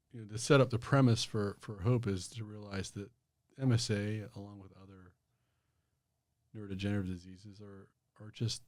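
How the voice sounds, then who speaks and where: A man in a podcast interview, a medical officer explaining thoughtfully, his phrases often trailing off softly. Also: fairly low pitch, no room sound, clean studio sound.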